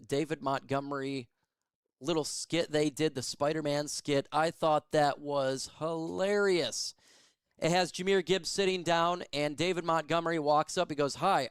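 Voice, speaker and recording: An excitable man calls a football game as a fan, his voice pitched a little high and smooth, recorded dry and close. He gets emotional and loud on big plays, then settles into chatty talk with his viewers. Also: no echo. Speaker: fan play-by-play streamer. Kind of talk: live fan play-by-play and chat.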